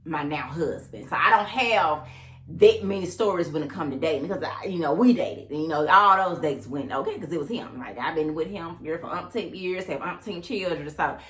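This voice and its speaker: A woman in her thirties hosting a podcast, telling a dating story in a sassy, animated, casual way and talking straight to her listeners. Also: sits low, normal speed. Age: 30s. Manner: animated, sassy, addresses listeners as girl and y'all. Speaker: podcast host. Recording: roomy echo.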